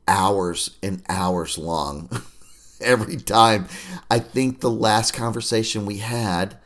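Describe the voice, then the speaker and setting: A man hosting a podcast, chatting casually with a friend, laughing often and cursing freely. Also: fairly low pitch. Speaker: podcast host. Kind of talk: casual chat.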